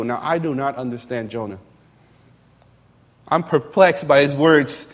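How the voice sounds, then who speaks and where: A young adult man giving a sermon as a pastor, conversational and animated, with casual asides and repeated phrases. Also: a little high, normal speed. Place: church sanctuary. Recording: reverberant church hall.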